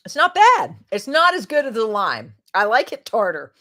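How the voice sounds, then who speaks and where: A woman's voice: on the high side, big pitch swings, normal speed, pushed and bright. A middle-aged woman hosting a casual livestream, chatting in a rambling way, laughing often and trailing off mid-sentence. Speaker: livestream host.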